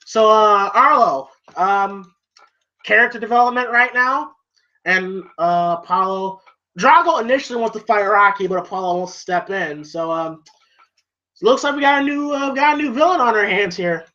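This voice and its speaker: A man's voice: sits high, normal speed, sharp tone. Rambling man reviewing a movie, lo-fi. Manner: rambling, heavy on "you know" fillers, profane. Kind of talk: casual movie review chat. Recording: dull lo-fi recording.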